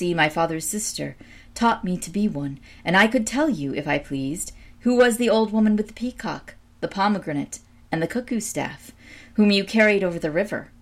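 Knowing young princess-sorceress voiced by a woman, calm and confident, lowish pitch, storybook.

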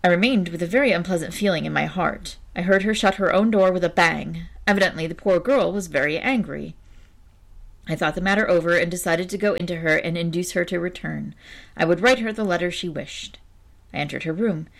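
A woman narrates a story in a measured audiobook style. Her voice sits slightly low for a woman, and she reads at an even storytelling pace. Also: vocal fry. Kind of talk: audiobook reading.

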